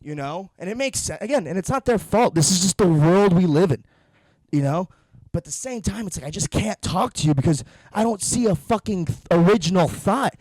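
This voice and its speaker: Young male podcast host, high pitch, blunt profane rant, rambling restarts, dry recording. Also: lively intonation, fairly quick, a little mellow, dry recording. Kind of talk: casual comedic monologue.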